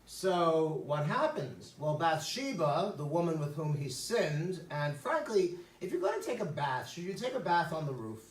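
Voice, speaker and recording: A man's voice: a little high, very animated, normal speed, few pauses. Wisecracking man teaching from across a room. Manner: wisecracking storyteller, chatty asides. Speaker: rabbi teaching a Bible class. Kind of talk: joking Bible lesson. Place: temple room. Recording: roomy sound from a distance.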